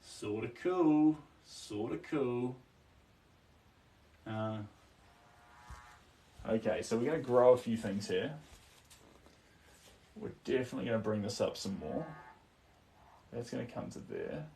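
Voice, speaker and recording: A man's voice: lowish voice, animated, measured pace, vocal fry, pauses often, warm tone, distant mic. A man with a New Zealand accent chatting casually on a live stream while he paints. He murmurs to himself about his strokes and stops now and then to answer viewer comments.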